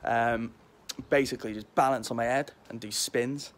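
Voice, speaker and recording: A man's voice: mid-range voice, fairly even intonation, moderate pace. A man in his twenties with a mild Liverpool accent, chatting and joking casually as a vlog host while walking outdoors. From Liverpool, England. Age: 20s. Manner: cheeky, rambling, self-mocking. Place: outdoors in a windy back garden. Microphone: phone held while walking. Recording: faint wind noise outdoors.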